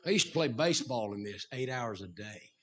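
A middle-aged man preaching a sermon as a Baptist preacher, swinging from shouted emphasis to low asides. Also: animated, brisk.

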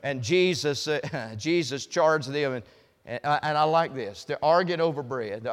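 A man preaching a sermon with folksy humor, swinging from quiet asides to loud, shouted emphasis. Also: on the high side, unhurried, in a large hall.

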